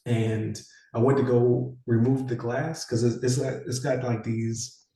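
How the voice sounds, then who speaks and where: Man in his forties, gravelly, mellow tone, rambling podcast chat, echoey room a bit off-mic. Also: mid-range voice, steady tone, takes it slowly, far from the mic. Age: 40s. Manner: rambling, many fillers and restarts. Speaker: podcast co-host. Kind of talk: casual chat.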